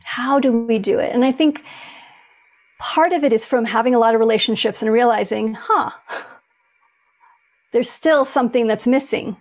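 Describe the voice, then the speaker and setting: A woman's voice: on the high side, moderate pace, pauses often. A woman talking earnestly and reflectively about inner life in a conversation, thinking aloud with frequent restarts. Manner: earnest, searching, with many restarts.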